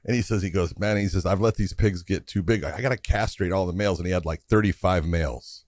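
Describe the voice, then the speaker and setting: A middle-aged man co-hosting a podcast, telling a long story in a casual, animated way and acting out the voices of the people in it. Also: low voice, quick pace. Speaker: podcast co-host.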